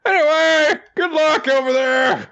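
A man voicing a chirpy, high-voiced male school guide, squeaky, breezy and dismissive. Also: measured pace, bright, forceful tone, lo-fi sound, heavily acted.

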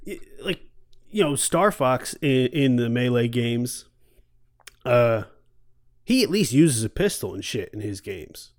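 A man hosting a podcast in casual chat, swearing a lot and talking loosely and excitably. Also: medium pitch, unhurried, no room sound, studio quality. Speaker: podcast host.

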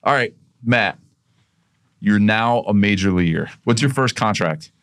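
A man's voice: lowish voice, lively intonation, unhurried, fairly bright tone. A man co-hosting a podcast, asking easygoing questions and doing a casual sponsor read. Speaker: podcast co-host.

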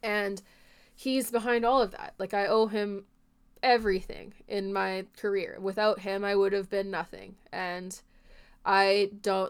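A woman's voice: mid-range voice, flat delivery, measured pace, creaky, clean tone. A woman hosting her own podcast as a horse trainer, talking in a rambling, heartfelt way with lots of fillers. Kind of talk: casual stream-of-consciousness podcast monologue.

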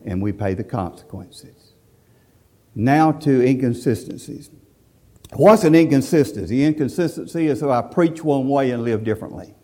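A man's voice: mid-range voice, animated, a little slow, dark tone. A man preaching a folksy, emphatic sermon. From central Alabama, USA. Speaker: visiting preacher.

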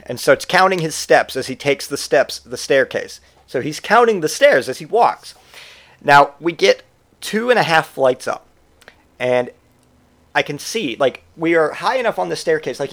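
Young guy telling a wild story, casual, acts out his buddy's lines, mid pitch. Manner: animated, acts out drunk friend's lines.

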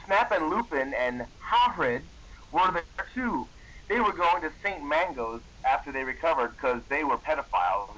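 A man's voice: on the high side, fairly bright tone, lo-fi sound. Young man reading with mock seriousness. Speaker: podcast co-host. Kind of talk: comedic dramatic reading.

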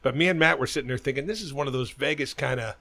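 A man's voice: mid-range voice, very fast, gravelly, bright, forceful tone, no echo. A middle-aged man on a podcast, telling a long, loose story with lots of swearing. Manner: rambling storyteller, swears a lot. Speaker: podcast host. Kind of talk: casual chat.

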